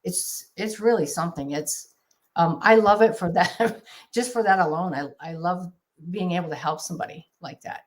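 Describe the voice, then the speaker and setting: A woman speaking as a guest exorcist in a casual interview, earnest and halting with frequent restarts, on a remote video call. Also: on the low side.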